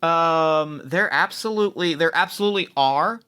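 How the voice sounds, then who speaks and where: A man's voice: a little high, moderate pace, sharp tone, smooth. A man narrating as game master of a tabletop game, rambling, with many restarts and fillers.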